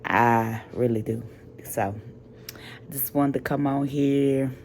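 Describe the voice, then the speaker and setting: Tired woman vlogger, unusually deep voice, frank and venting, phrases trailing off. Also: steady tone, slow, a little mellow, a little hiss or hum. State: tired and sleepless. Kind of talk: casual late-night vlog talk.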